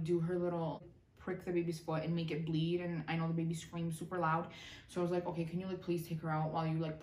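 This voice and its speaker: A young woman telling a personal story in a storytime vlog, animated and sarcastic. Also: fairly low pitch. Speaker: vlogger. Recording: roomy echo, distant mic, faint noise.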